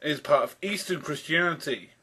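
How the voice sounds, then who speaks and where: A man's voice: fairly high pitch, a little fast, pushed and bright, husky. A man giving an argumentative response commentary, exasperated, often calling his opponent by name and restarting his sentences as he builds each point. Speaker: YouTube commentator rebutting a video.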